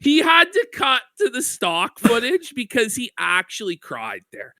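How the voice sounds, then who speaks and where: A man mocks a video clip on a stream, loud and excitable and full of swearing. His voice sits high and swings widely. The sound is bright and dry, with no room around it. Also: measured pace, no room sound. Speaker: stream co-host. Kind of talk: mocking commentary on a video clip.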